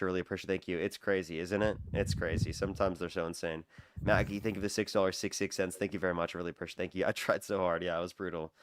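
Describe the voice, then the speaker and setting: Fast-talking young man streaming live. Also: low voice, dry recording. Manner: rapid-fire, repetitive thank-yous to donors. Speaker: livestream debate host. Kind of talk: casual livestream talk.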